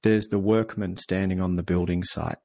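An Australian man speaking as a podcast guest, telling stories in an earnest, animated way. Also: sits low, normal speed. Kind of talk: conversational interview.

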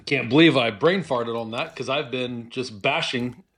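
A man's voice: medium pitch, normal speed, fairly bright tone, husky. A man co-hosting a podcast, chatting in a laid-back way and joking about himself. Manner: laid-back, self-deprecating. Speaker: podcast co-host. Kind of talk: casual chat.

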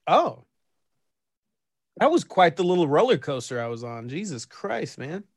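Animated, slow-talking male co-host. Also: on the high side, no echo, studio quality. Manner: laughs often, quick reactions. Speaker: podcast co-host. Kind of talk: casual chat.

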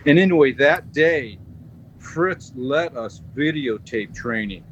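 Animated, swearing male storyteller. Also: medium pitch, slow, muffled recording, slight background noise. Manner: animated, profane, repeats and restarts words. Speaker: podcast guest, dog sport trainer. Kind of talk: casual storytelling.

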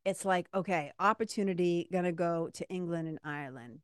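A middle-aged woman from Massachusetts, telling a personal story in a casual, animated podcast monologue and talking straight to her listeners. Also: on the low side, fairly quick, clean tone, dry recording, clean studio sound. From Massachusetts, USA. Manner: chatty and animated, addresses listeners as "you guys". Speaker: podcast host.

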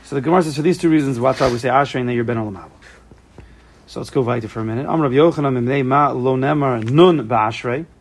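A man leads a casual text class for a small group. His voice has a gravelly edge, and he keeps joking and wandering off into side stories. A faint hum of background noise sits under him. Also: medium pitch, fast talker. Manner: joking and digressive, mixes Hebrew terms into English. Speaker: teacher leading a study group.

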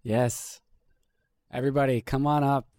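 A man co-hosts a casual podcast, sounding upbeat and eager, his voice sitting at a middling pitch. The recording is dry and close. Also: steady tone, unhurried, a little mellow, no echo. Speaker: podcast co-host.

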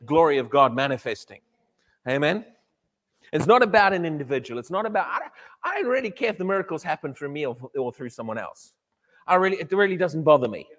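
A middle-aged male preacher with a high, light voice tells a story from the pulpit, often tripping over his words and stopping to laugh. His sermon rings through a hall with a long reverb tail. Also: big pitch swings, quick pace, a bit bright. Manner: storytelling, frequent stammered restarts and laughs.

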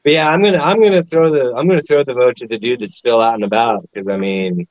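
A man's voice: medium pitch, quick pace. Laid-back man on a dull mic. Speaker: podcast co-host. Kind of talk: casual group podcast chat.

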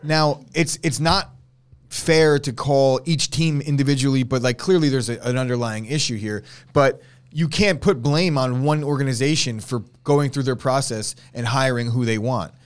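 A man's voice: mid-range voice, normal speed, clean tone. A man co-hosting a sports podcast, talking casually and emphatically in slang. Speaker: podcast co-host.

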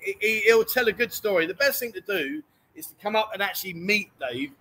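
A man's voice: sits high, expressive, fairly quick, sharp tone. A man hosting a livestream from inside a bookshop, reading out viewer comments and teasing his co-hosts in a jokey, banter-filled way. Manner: jokey, teasing, often says "unbelievable". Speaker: livestream host. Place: indoors in a bookshop.

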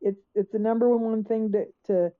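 A woman's voice: on the high side, fairly even intonation, moderate pace. A woman guest author in conversational storytelling, emphatic, acting out her own questions. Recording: tinny phone-like line.

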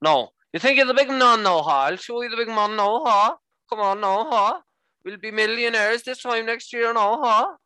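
A man's voice: extremely high pitch, normal speed, bright, forceful tone, clear, resonant tone, no echo, pitched above the performer's own voice. A man putting on a cocky, taunting young male Irish friend with a sing-song lilt.

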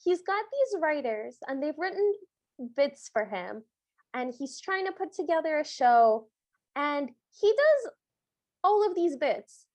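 Very high, lively-voiced woman podcast host. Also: unhurried, no echo. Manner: chatty, amused retelling. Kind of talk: casual chat recapping a film.

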